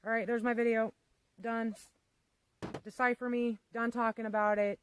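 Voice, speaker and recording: A woman's voice: fairly high pitch, steady tone, normal speed, a bit bright, rough recording. A woman vlogger ranting casually to camera, blunt and rambling, with casual swearing and emphatic asides. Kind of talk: casual unscripted rant to camera.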